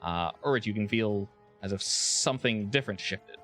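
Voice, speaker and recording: A man's voice: on the low side, moderate pace, soft background music. Guy running a tabletop game, laid back, lots of uhs. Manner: relaxed, hesitant narration with many uh fillers. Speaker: game master.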